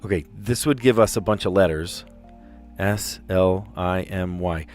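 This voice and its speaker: A middle-aged man hosting a casual live stream, thinking aloud through a word puzzle, excitable and self-mocking. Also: sits low, a little slow, soft background music.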